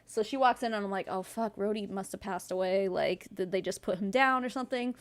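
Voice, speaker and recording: A woman host giving casual commentary and telling stories, sarcastic and animated, swearing freely. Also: medium pitch, a little fast.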